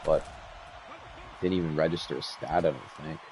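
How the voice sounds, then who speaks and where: A young man with a very low, deep voice talks loosely over his football game, rambling and cursing when the plays frustrate him. A faint hiss of noise sits under his voice. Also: steady tone, moderate pace. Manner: rambling, frustrated, swears freely. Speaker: league commissioner playing a football game. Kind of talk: casual gameplay commentary.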